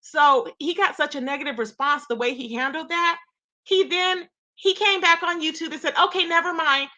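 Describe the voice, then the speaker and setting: High, bright-voiced woman vlogging indignantly. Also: moderate pace, dull audio. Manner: indignant, animated storytelling addressing viewers; emphatic repeated tag questions. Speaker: YouTuber. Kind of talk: casual vlog commentary.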